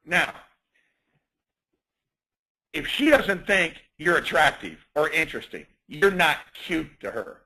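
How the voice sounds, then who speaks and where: Bright-voiced man coaching with stories. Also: a little high, slow, pauses often, poor audio. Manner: animated storyteller, acts out dialogue. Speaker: sales coach. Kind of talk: coaching talk on a conference call.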